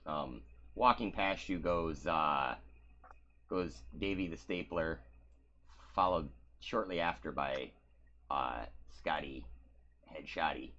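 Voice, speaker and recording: A man's voice: a bass voice, slow pace, long pauses, pushed and bright. A man narrating as game master of a tabletop game, casual and meandering, with many fillers. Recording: muffled lo-fi audio.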